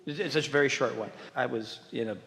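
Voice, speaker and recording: A man speaking haltingly from the stage of a workshop, pausing and restarting as he looks for his words. His mid-pitched voice rings in the hall, with a long reverb behind it. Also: vocal fry, a bit bright. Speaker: audience member on stage. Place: large hall at a live workshop.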